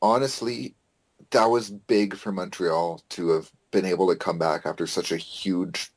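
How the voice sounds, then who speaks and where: A man co-hosting a podcast in casual chat, excitable and swearing casually, often restarting sentences. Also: low-pitched, unhurried. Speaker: podcast co-host.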